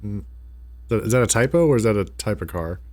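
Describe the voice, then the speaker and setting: A man's voice: fairly low pitch, animated, darkish tone. A man streaming a puzzle game live, chatting casually and reading viewer jokes aloud. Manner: reads chat jokes aloud, slow and musing. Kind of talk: casual live-stream chat while gaming.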